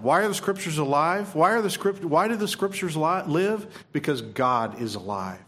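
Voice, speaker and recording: A man's voice: fairly high pitch, lively intonation, moderate pace, hardly any pauses, a bit bright. A man preaching a sermon, emphatic, repeating phrases and restarting his sentences. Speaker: pastor.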